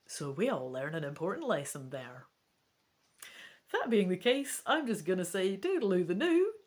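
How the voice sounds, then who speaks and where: A Scottish woman reads a choose-your-own-adventure book aloud and chats about her choices. Her delivery is slow and unhurried, with lively pitch swings. She is wry and casual, dropping the odd swear word. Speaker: gamebook reader. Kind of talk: reading a gamebook aloud with commentary.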